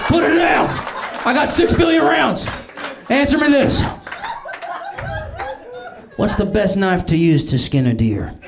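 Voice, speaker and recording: A comedian voicing a loud, bossy far-right man who boasts about his ammunition. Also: very high voice, animated, unhurried, gravelly, long pauses, voice pushed up, heavily acted. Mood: aggressive. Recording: live room with crowd and noise.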